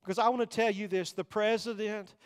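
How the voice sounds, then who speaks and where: An older man preaching a sermon, swinging between loud, urgent passages and hushed, quiet ones. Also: sits high, fairly even intonation, fairly quick, clear, resonant tone, long reverb tail. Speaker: pastor.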